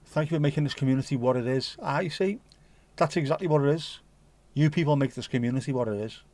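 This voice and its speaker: A man's voice: mid-range voice, fast, a little mellow. Sweary man chatting on a livestream. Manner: rambling, jokey and sweary, full of British slang. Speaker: livestream host. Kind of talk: casual livestream chat, reading out viewer messages.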